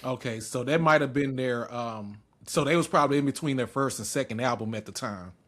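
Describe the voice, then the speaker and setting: A man's voice: medium pitch, fairly quick, a bit bright. Man, forties, podcast host, laid-back, slangy, casual chat.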